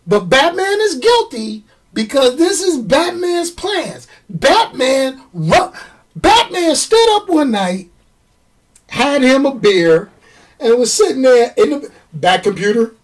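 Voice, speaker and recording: A man's voice: very high-pitched, slow pace, recorded from a distance. A man chatting casually about comic books on his video channel, rambling and joking. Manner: animated, rambling, jokey. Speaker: comic book YouTuber. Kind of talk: casual chat.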